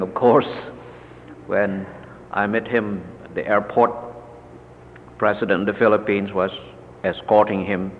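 A man, a Lutheran church leader, slowly recounting a personal story in a measured talk full of pauses. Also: fairly low pitch. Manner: slow, measured, with many pauses and fillers. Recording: dull, lo-fi recording with long reverb.

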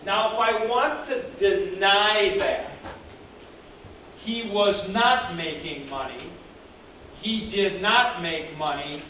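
Guy teaching a class, kinda high voice, mic far off, super echoey room. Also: slow, dull audio, a little hiss or hum. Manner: animated, acts out example sentences. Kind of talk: classroom lecture.

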